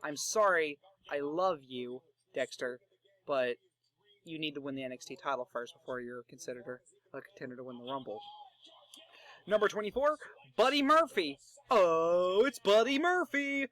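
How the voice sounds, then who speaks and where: A young man narrating wrestling fantasy booking in a casual, excitable way, joking and swearing. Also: medium pitch, normal speed. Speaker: fantasy booker.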